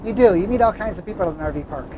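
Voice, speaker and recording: Racing along with lively intonation, the travel vlog host has a high-sitting, dark-toned voice as he tells rambling anecdotes in a moving car. His casual storytelling chat is full of self-corrections, and the poor audio has a little hiss or hum.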